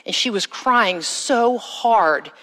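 A middle-aged woman sharing a personal testimony with an audience, speaking slowly and emphatically and drawing out her phrases. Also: mid-range voice, lively intonation, a bit bright. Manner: slow, emphatic storytelling with drawn-out phrases. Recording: long reverb of a large hall.

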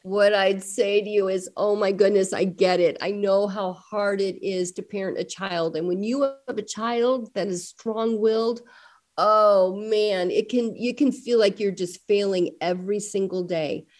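A middle-aged woman talks as a guest in an interview, recounting parenting stories. She acts out the voices of her family with animated swings, sometimes loud and high. Her voice sits in an ordinary middle range. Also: a little slow. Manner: animated storyteller acting out family dialogue. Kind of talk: conversational interview storytelling.

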